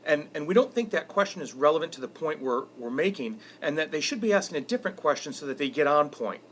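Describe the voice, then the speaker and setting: A man's voice: fairly high pitch, lively intonation, quick pace, a bit bright, a little hiss or hum. A middle-aged man giving a reflective weekly video message as an educator, speaking earnestly and conversationally. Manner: earnest, conversational, retells stories with quoted dialogue. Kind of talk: reflective monologue to camera.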